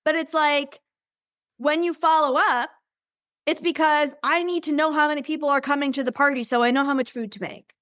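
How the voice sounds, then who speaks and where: Casting note: high-pitched, bubbly woman coach, dry close voice, conversational and upbeat. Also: steady tone, fairly quick, fairly bright tone, no room sound. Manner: chatty, upbeat, says "right?" constantly; acts out invitees in bubbly voices. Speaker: business coach. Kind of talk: recorded coaching training.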